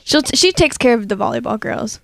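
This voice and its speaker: A young woman co-hosting a podcast, telling an animated story in casual chat and calling people "bro". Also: a little high, a little fast, vocal fry, no room sound, studio quality. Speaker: podcast co-host.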